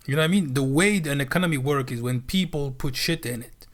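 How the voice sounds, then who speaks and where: A man's voice: mid-range voice, fast talker. A man from France, a streamer ranting bluntly with lots of swearing and repeated points. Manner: blunt, swearing, emphatic repetition. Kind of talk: profane livestream rant.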